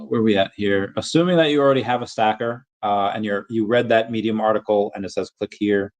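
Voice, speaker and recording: A man's voice: mid-range voice, creaky. A man hosting a casual livestream, answering chat questions in a rambling, self-correcting way.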